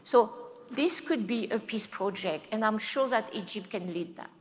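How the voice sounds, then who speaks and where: A woman speaking on a conference panel, impassioned, with halting non-native phrasing. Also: mid-range voice, a little hiss or hum. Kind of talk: panel discussion. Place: conference hall. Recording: long hall reverb.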